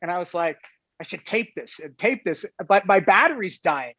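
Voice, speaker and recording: A man with a high-pitched voice rambles through a casual story and keeps filling his sentences with "like" and "you know". The sound is dry and dull, with no room around it, like a lo-fi recording. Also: animated, normal speed, fairly bright tone, husky, dry recording. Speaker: guest telling a story.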